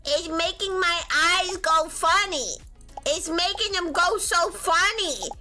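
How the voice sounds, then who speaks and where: A woman's voice: very high-pitched, expressive, slow pace, over music. A young woman streaming live, chatting casually with her viewers in a whiny, playful way. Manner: whiny, playful, talks to chat.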